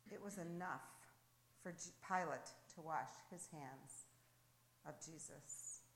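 A woman's voice: low voice, takes it slowly, fairly bright tone. A woman telling a scripture story in an earnest, dramatic reading, then leading a prayer. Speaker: devotional reader leading prayer. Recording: roomy echo.

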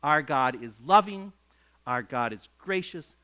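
Bright, high-voiced man preaching. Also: unhurried. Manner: animated storytelling, acts out quoted grumbling. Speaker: pastor. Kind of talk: sermon.

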